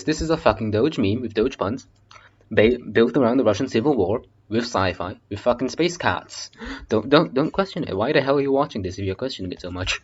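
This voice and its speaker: Man, casual audiobook reader, low voice, joking and cursing, lo-fi muffled audio. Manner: swearing, joking asides. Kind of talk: casual audiobook reading with asides. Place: basement.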